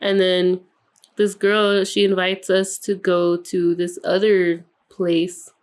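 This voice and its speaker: A young woman co-hosting a podcast, telling a story in a casual, animated way, swearing freely and acting out the quoted voices. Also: on the low side, takes it slowly. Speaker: podcast co-host.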